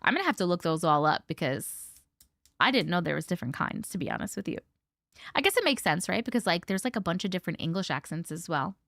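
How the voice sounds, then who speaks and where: A woman hosting a casual live stream. She chats to viewers in a bubbly, lively way, greets them by name, swears casually and laughs often. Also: lowish voice, fast, vocal fry, no room sound. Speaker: livestream host.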